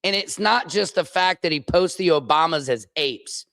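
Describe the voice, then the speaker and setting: A man's voice: a little high, lively intonation, moderate pace, gravelly, fairly bright tone, dry recording. A man who is a comedian and show host, delivering an angry, profane political rant full of repeated phrases. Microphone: streaming microphone.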